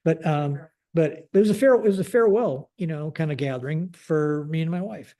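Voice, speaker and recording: Mellow, halting man in his sixties. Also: on the high side. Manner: halting, frequent restarts, keeps saying "like this". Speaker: podcast guest, retired Air Force general. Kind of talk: conversational storytelling.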